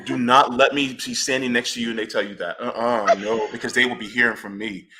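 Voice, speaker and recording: Emphatic, bright-voiced man on a panel. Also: medium pitch, steady tone, moderate pace, few pauses. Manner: emphatic, blunt, swears freely. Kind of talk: impassioned panel discussion.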